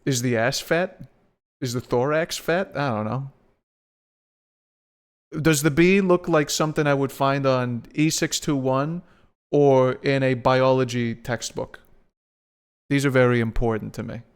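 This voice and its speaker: A man's voice: medium pitch, a little slow, long pauses, smooth. A young man chatting casually on a live stream, rambling, swearing and laughing often.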